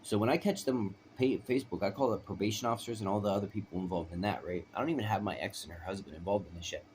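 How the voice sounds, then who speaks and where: A man's voice: fairly low pitch, fast talker, darkish tone, a little hiss or hum. A man telling his own story in a rambling, emphatic way, often asking "right?". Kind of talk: personal storytelling.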